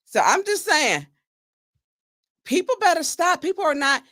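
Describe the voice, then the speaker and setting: A woman hosting a talk show, giving animated, indignant commentary on a clip and laughing often. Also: very high-pitched, a little slow, no room sound, clean studio sound. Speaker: show host.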